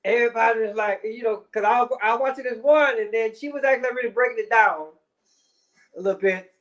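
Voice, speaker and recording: Man, very high pitch, profane rant, repetitive, casual commentary. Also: a little fast, a bit bright. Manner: repetitive, swearing, filler-heavy.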